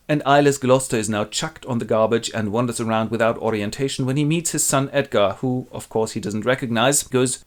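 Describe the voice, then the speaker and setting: A man hosting and narrating a comic retelling of a classic play, with wry, deadpan asides. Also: medium pitch, fairly quick, few pauses. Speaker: host and narrator.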